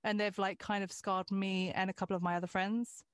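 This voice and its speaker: A woman at mid pitch talking casually, loose and conversational. The sound is close and dry. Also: level tone, brisk, no room sound. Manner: conversational, loose, frequent restarts and "like". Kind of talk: casual chat.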